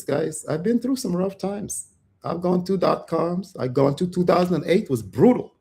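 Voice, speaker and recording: A middle-aged man hosting a casual livestream, talking in an animated way and getting worked up, then quieting down. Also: medium pitch, vocal fry, husky. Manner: animated, gets worked up, jumps between loud and soft. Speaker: livestream host.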